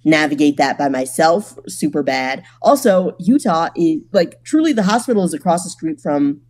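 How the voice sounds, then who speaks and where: Brief: young woman comic guest, low voice, wry storytelling banter. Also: expressive, normal speed, darkish tone. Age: young adult. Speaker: comedian guest. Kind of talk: casual podcast chat.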